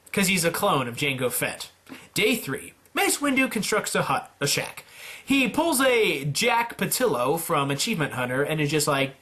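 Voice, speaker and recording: A man doing casual, playful play-by-play commentary on a simulated game, with jokey asides and sudden jumps in pitch. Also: very animated, moderate pace, pushed and bright. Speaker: YouTuber narrating a simulator game.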